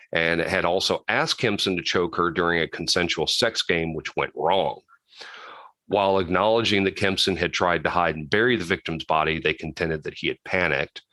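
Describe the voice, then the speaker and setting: A man's voice: low voice, moderate pace, pushed and bright, no room sound, poor audio. A man co-hosting a podcast, casually recapping a true-crime case from notes, with frequent restarts and side comments. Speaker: podcast co-host.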